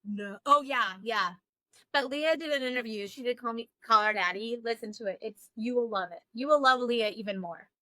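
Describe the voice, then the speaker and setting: Gossipy podcast co-host lady in her 40s, bright high-ish voice. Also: moderate pace, no echo. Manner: chatty, gossipy, frank. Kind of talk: casual chat.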